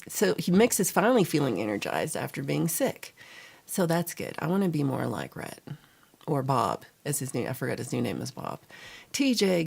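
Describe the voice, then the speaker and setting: Low, gravelly-voiced woman chatting. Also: darkish tone. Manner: chatty, rambling, reads chat aloud. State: sluggish, tired. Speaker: livestream host. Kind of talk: casual live chat.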